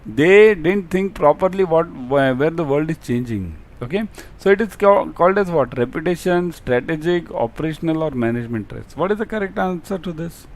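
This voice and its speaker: A man's voice: fairly high pitch, lively intonation, normal speed. A man teaching an online exam-prep class, asking rhetorical questions and repeating key terms.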